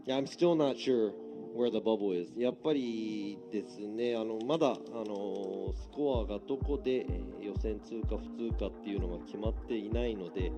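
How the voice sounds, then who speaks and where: A man commentating on drift runs, talking quickly and switching between Japanese and English. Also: on the low side, music in the background. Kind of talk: motorsport commentary.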